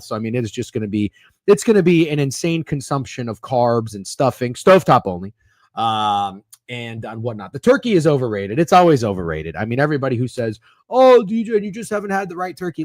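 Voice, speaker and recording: A man's voice: mid-range voice, darkish tone, no room sound, clean studio sound. A man in his thirties hosting a sports betting podcast, chatting casually in a rambling, opinionated and profane way while reading live comments.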